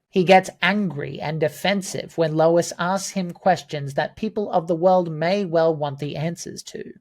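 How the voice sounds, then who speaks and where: A man's voice: a little high, normal speed, few pauses. A man giving scripted film commentary as a video essayist, earnest and enthusiastic.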